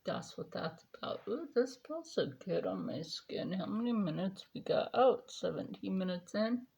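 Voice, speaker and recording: A woman's voice: medium pitch, lively intonation, moderate pace, vocal fry, dark tone. A woman vlogger chatting casually during her skincare routine, telling a rambling story with lots of fillers.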